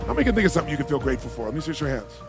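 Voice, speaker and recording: A man's voice: a little high, sing-song, rapid-fire, music in the background. A man giving an emphatic motivational seminar talk to a live audience in a large venue, firing questions at the crowd. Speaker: motivational speaker.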